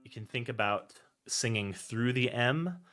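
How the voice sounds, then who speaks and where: A male voice teacher explaining warm-up exercises clearly and step by step, between sung demonstrations. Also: medium pitch, lively intonation, measured pace, loud music behind the voice. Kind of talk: singing lesson instruction.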